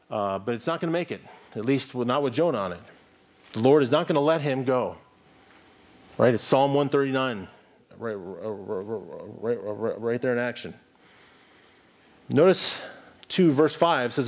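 A man's voice: medium pitch, lively intonation, moderate pace, pauses often. A middle-aged pastor delivers a sermon in an earnest, conversational voice. He reads scripture aloud and restarts his phrases as he thinks aloud.

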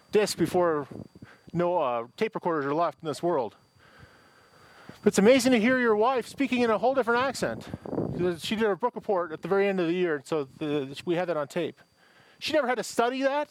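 A middle-aged man from Michigan delivers a sermon in a high-pitched voice. He talks to the congregation like he's telling a story, with casual asides and restarts. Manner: conversational, anecdotal preaching with restarts. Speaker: pastor.

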